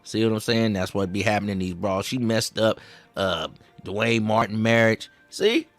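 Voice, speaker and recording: A man's voice: fairly low pitch, steady tone, moderate pace, dry recording, soft background music. A man hosting a satirical commentary over clips. He rambles, keeps repeating "see", stumbles over restarts and talks in Southern slang with a drawl. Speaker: host reacting to clips.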